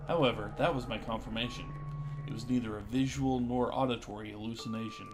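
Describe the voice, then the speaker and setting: A man's voice: medium pitch, fairly even intonation, brisk. A man streaming, reading a visual novel aloud with dry joking asides, with music behind.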